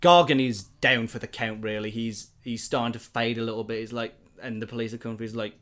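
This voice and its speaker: Dude telling a story, excited, all over the place. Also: male voice, medium pitch, fast talker. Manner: animated, rambling storyteller with many fillers. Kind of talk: casual plot retelling.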